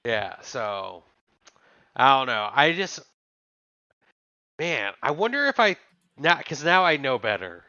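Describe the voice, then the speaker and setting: A young man co-hosting a podcast in casual chat, musing and reminiscing in a relaxed, hedging way. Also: mid-range voice, slow, long pauses, dry recording, highs cut off. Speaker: podcast co-host.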